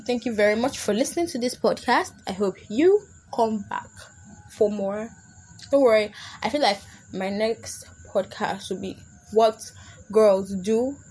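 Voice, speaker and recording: A woman's voice: mid-range voice, a little mellow. Young female podcaster, casual comedic monologue, playful and chatty, faint room noise. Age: young adult. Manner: chatty, laughing, slipping into put-on voices. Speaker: podcast host.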